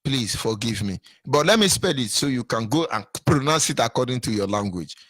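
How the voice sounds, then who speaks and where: An older Nigerian man with a husky, bright voice delivers a fiery monologue, swinging widely up and down as he repeats words for emphasis. His tone sits fairly high, and the sound is dry and close. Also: animated, a little fast, no echo. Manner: repetitive, emphatic, sing-song rises. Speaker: political commentator. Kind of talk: impassioned monologue.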